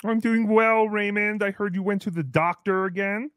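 Man, high voice, calm, polite, measured, dry recording. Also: smooth, no room sound. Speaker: podcast guest. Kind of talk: casual podcast chat.

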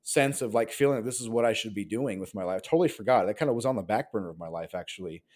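A man's voice: fairly low pitch, lively intonation, very fast, darkish tone. A man around forty, a pastor, telling his story in a casual interview, rambling and earnest with lots of filler words. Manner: rambling, earnest, heavy use of "like".

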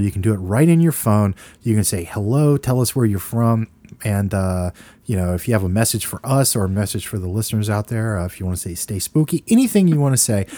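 A middle-aged man co-hosts a casual movie podcast in a warm, mid-range voice, recorded with no room sound. He's a laid-back storyteller, rambling and joking as he goes.

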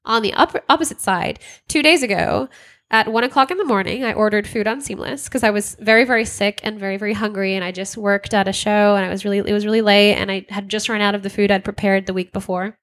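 A woman telling an animated story in casual chat, swearing freely and acting out what people said. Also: mid-range voice, fast.

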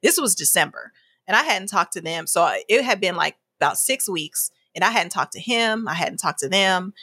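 A woman with a bright, crisp tone recounts events in a lively, conversational way. She acts out the voices of people in her story, and the sound is dry and close. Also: lowish voice, moderate pace, no room sound. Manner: animated, acts out quoted dialogue with frequent laughs. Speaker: guest telling her story.

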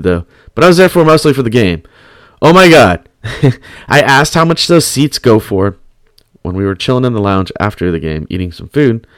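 A man's voice: lowish voice, no echo, studio quality. A young man telling a story in casual, profane, slang-heavy speech, laughing often.

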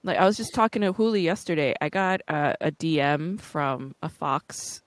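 A woman's voice: deep voice, animated, moderate pace. A woman hosting a podcast in casual chat, talkative and laughing often. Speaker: podcast host.

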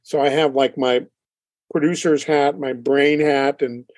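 A man, a band leader and drummer, chatting in an interview and telling animated stories with frequent laughs. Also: mid-range voice, a little slow, no room sound. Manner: animated storyteller, acts out quotes, laughs often. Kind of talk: casual interview chat.

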